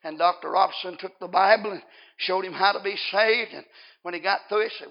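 High, gravelly male revival preacher, shouting exhortation, lo-fi. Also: fairly quick. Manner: rising to loud shouting exhortation. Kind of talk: revival sermon. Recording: dull lo-fi sermon recording.

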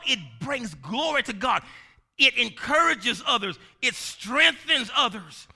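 A male preacher delivering a sermon, emphatic and repetitive, swinging from shouted lines down to low, quiet ones. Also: sing-song, slow. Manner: emphatic, rising to shouts then dropping low; repeats lines for the congregation to say.

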